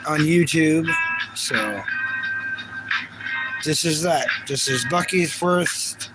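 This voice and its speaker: American man chatting over loud music. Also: on the high side, extremely slow, low-quality recording. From United States. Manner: repetitive, greets viewers one by one. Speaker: live streamer. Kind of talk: casual live-stream chat. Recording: loud music playing behind. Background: loud background music.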